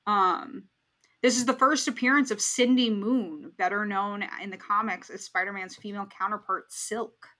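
A woman's voice: medium pitch, fairly even intonation, moderate pace, sharp tone. A young woman from New York co-hosting a casual film chat podcast, swearing freely and laughing often. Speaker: podcast co-host. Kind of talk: casual chat about films.

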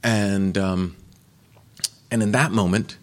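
An American man in his forties or fifties speaks as a retreat speaker, sharing a candid personal testimony in conversational, loose storytelling. His voice is fairly low and steady, and he talks slowly.

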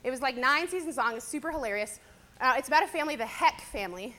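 Young woman teacher, high voice, bright tone, giving a chatty church talk. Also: fast talker. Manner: chatty, animated storyteller. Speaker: teacher speaking to a church audience. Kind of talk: personal sermon-style talk.

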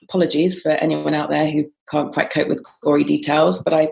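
A woman guest on a podcast telling a personal story in a halting, conversational way, with frequent ums and restarts. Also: deep voice, little pitch movement, gravelly, darkish tone.

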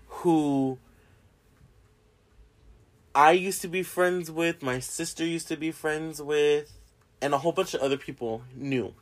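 A man in a casual storytime vlog, talking straight to his audience in an animated, loose way. He swears freely, chuckles often and drops plenty of "um"s as he goes. His voice sits at an ordinary middle pitch for a man. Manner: animated, profane, frequent laughs and fillers. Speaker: vlogger telling a personal story. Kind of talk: casual storytime monologue to viewers.

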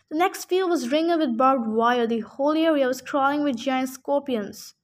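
A woman's voice: high voice, moderate pace, few pauses. A woman reading a novel aloud in the first person, breaking off for chatty asides with fillers. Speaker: reader.

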